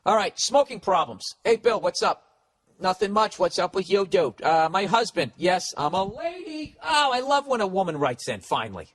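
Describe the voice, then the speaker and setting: A man's voice: high-pitched, very animated, normal speed, a bit bright, dry recording. A man hosting a comedy advice podcast, ranting bluntly and profanely. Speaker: podcast host giving advice.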